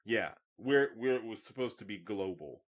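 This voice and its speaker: A man's voice: fairly low pitch, animated, moderate pace. A man co-hosting a podcast, agreeing along in a laid-back way and chipping in short remarks on a movie. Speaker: podcast co-host. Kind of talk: casual movie review chat.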